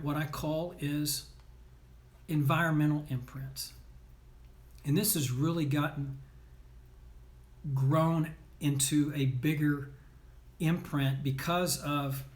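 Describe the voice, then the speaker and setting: A man coaching athletes and parents, speaking emphatically and bluntly, often checking in with "right?" and "okay?". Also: medium pitch. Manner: blunt, scolding tone. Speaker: sports performance coach. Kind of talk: motivational talk.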